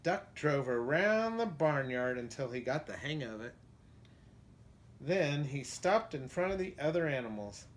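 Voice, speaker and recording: A man reading a children's picture book aloud in an expressive way, pausing to ask his listeners questions. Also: mid-range voice. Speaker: storybook reader. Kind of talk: children's storybook read-aloud.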